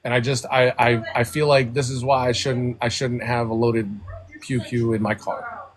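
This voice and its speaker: A man's voice: medium pitch, flat delivery, moderate pace. A man from Rhode Island chatting on a video call, ranting and swearing constantly in casual talk. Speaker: group chat participant.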